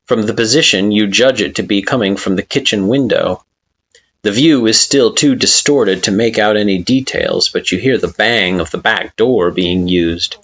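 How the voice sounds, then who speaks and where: A man reading a fan-fiction story aloud with slow, expressive narration. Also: fairly low pitch. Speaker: story reader.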